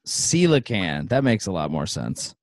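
A man's voice: medium pitch, moderate pace, no room sound. Dry-sounding man musing in casual chat. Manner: rambling, musing, wry. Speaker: podcast co-host. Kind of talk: casual late-night chat over a call.

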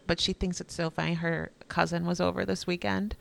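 Female co-host, relaxed, animated talker with a gravelly edge. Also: lowish voice, moderate pace, slight background noise. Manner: chatty, animated storytelling. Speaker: podcast co-host. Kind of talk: casual parenting chat.

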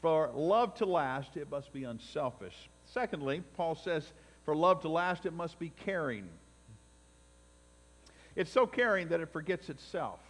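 Male pastor, slightly higher voice, dynamic sermon delivery, long church reverb. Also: expressive, measured pace. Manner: emphatic preaching with swells and drops in loudness. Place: church sanctuary.

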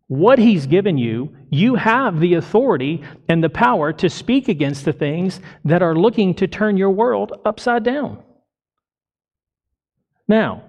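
A man's voice: high-pitched, darkish tone. A male pastor delivering a sermon to his congregation, emphatic and full of rhetorical questions. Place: church congregation.

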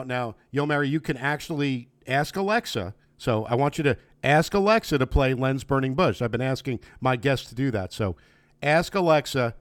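A man with a smooth, resonant voice hosts a casual podcast interview, rambling along in a friendly way with plenty of fillers and restarts. His voice comes across dry and close, with no room around it. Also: medium pitch, no room sound. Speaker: podcast host. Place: home, remote video call.

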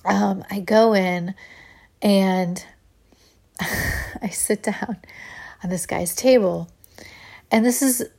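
Woman, storytelling, animated, laughs often, casual and chatty. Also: fairly low pitch. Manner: animated, laughs often, addresses listeners as y'all. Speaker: speaker telling a personal story. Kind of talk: personal storytelling.

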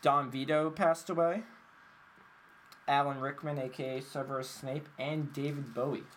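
A man's voice: mid-range voice, steady tone, moderate pace, fairly bright tone, a little hiss or hum. A man hosting a casual podcast chat, telling rambling stories and laughing often. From Massachusetts. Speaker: podcast host.

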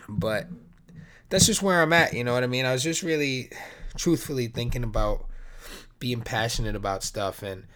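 A man's voice: medium pitch, moderate pace, a bit bright, smooth. A man hosting his own podcast, talking alone in a rambling, laid-back way, with plenty of swearing as he tells stories. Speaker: podcast host. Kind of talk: casual solo podcast monologue.

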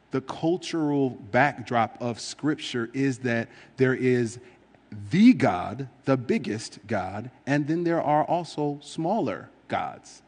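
A man's voice: mid-range voice, a little mellow, in a large hall. A man preaching in a casual, conversational way, reading scripture and explaining it with frequent fillers.

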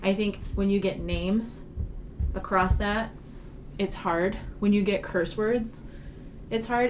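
A woman co-hosting a casual talk about ghost hunting, telling stories in an animated way. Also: mid-range voice, slow pace, long pauses, slight background noise. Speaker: paranormal investigator, co-host. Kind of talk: casual podcast chat.

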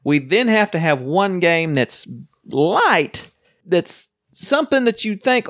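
A man's voice: high voice, big pitch swings, measured pace, fairly bright tone. A man co-hosting a casual chat podcast, explaining a card game at length and ranting about game awards. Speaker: podcast co-host.

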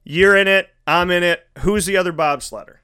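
A man's voice: sits high, moderate pace, pushed and bright, clean tone. A man hosting a casual interview, talking enthusiastically and rambling with restarts. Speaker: host.

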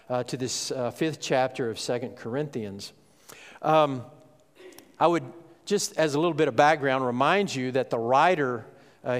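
A man, a pastor giving a conversational sermon full of "okay?" asides and brief pauses. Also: medium pitch, big-room sound.

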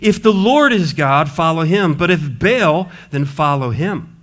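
Man, pastor preaching in church; fairly high voice, lively and humorous delivery. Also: a little slow. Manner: lively, playful preaching with asides and trash-talk humor; animated, shifting between loud and hushed delivery. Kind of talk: sermon.

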